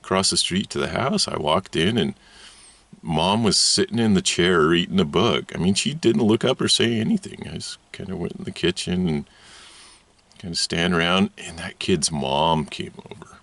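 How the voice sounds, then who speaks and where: A man's voice: deep voice, moderate pace, a bit bright, dry recording. A man telling a rambling personal story from his childhood, laughing often as he talks. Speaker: channel host.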